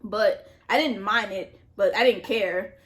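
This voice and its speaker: A vlogger tells a personal story on a casual vlog, speaking straight to her viewers in an animated, profane way. Her voice is mid-range and her pace measured.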